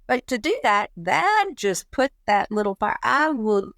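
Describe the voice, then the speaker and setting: A middle-aged woman talking in a relaxed chat, telling a personal story and acting out the voices of people in it. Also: fairly high pitch, moderate pace, few pauses, clear, resonant tone, no room sound. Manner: animated, acts out quoted dialogue. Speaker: guest.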